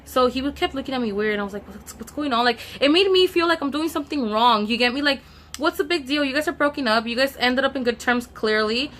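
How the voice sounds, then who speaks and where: A woman's voice: sits high, quick pace, fairly bright tone, a little hiss or hum. A young woman chatting to her viewers in a casual story time, full of fillers and asides to the audience. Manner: chatty, many fillers, addresses viewers directly. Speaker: vlogger telling a story time.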